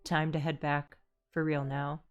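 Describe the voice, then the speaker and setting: A woman voicing a young game protagonist, reading firmly and in a measured way. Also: low voice, level tone, clear, resonant tone, lo-fi sound, faint music behind. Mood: resolute.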